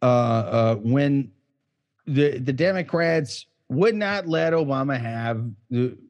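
A man's voice: medium pitch, expressive, takes it slowly, darkish tone, highs cut off. Drunk, rambling male co-host. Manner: profane, rambling, slurring. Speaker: podcast co-host. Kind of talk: casual podcast banter.

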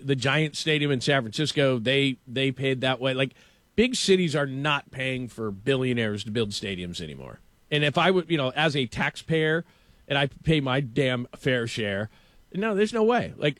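A man hosting a casual sports talk show, animated and opinionated, stumbling over restarts as he rants. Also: medium pitch, dry recording. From Los Angeles.

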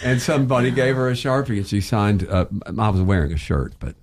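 A middle-aged man hosting a public radio pledge drive, an animated storyteller who laughs often. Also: fairly low pitch, a little fast. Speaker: radio host.

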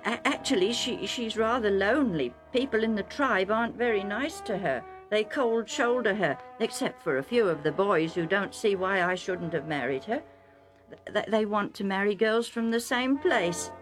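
A woman's voice: mid-range voice, expressive, normal speed, over music, voice pushed up, close to an everyday voice. A woman reading a story aloud voices a headstrong young man who speaks eagerly and defensively, stammering at times.

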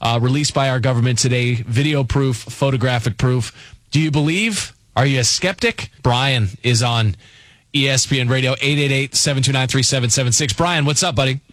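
A man's voice: medium pitch, moderate pace, a bit bright, dry recording. A man hosting a sports radio call-in show, talking in a chatty, riffing way. The sound is close and completely dry.

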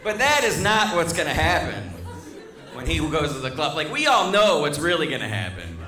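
A man's voice: fairly high pitch, sing-song, moderate pace, echoey room, distant mic, crowd noise. A man doing a stand-up routine, mocking people and acting out characters. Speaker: stand-up comedian.

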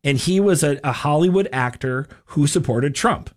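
A middle-aged radio host tells stories in a chatty, easygoing way, laughing often. His voice is slightly high and his speed normal.

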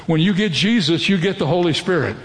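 An older male pastor preaches earnestly and directly, frequently turning to the congregation with questions. His expressive voice is a little high for a man and a bit fast, carried by a long reverb like that of a large hall.

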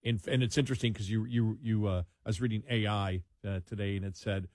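A man co-hosting a talk show, speaking in emphatic, animated commentary with frequent laughs. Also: fairly low pitch, fast, no room sound, studio quality. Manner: animated, emphatic, laughs while mocking opponents. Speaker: co-host.

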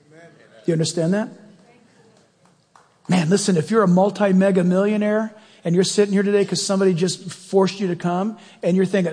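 A man preaching a sermon in a church, animated and emphatic, firing rhetorical questions at the congregation. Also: high-pitched, husky, big-room sound. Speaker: pastor.

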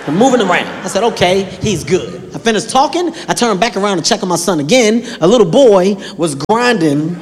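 A man performing a stand-up comedy set, telling animated stories and acting out characters with sudden shouts, in a large live venue. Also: sits high, fairly quick, hardly any pauses. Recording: echoey live hall with crowd noise. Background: audience laughter.

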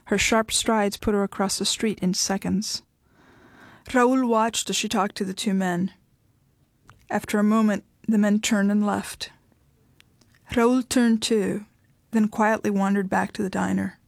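A woman reading her own short fiction aloud in a measured, even manner. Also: medium pitch, vocal fry, no echo. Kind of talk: literary story reading.

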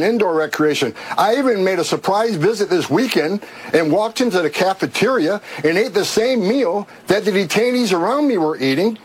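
A man's voice: sits high, husky, poor audio. A man, an official giving press remarks, talking in an emphatic, repetitive way.

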